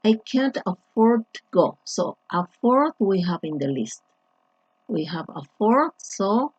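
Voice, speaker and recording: A woman teaching an English grammar lesson, talking slowly and deliberately with frequent restarts and fillers. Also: medium pitch, a little mellow, slightly rough, no room sound. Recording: dull lo-fi, dry sound.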